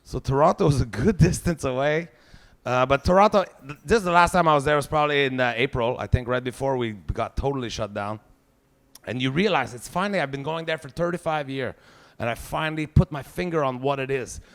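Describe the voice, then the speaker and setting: A man's voice: medium pitch, fairly quick, fairly bright tone. A man in his forties with a Quebec French accent, doing a profane, exasperated stand-up rant. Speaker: stand-up comedian. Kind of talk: stand-up routine.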